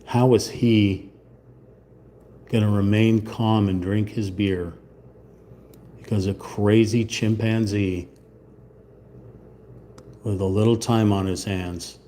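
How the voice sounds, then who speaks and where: Brief: male live-stream host, low and mellow, slow drawl, sarcastic rambling chat. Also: steady tone, a little hiss or hum. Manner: sarcastic, rambling, mock-indignant. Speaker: channel host. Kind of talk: casual live-stream chat while painting.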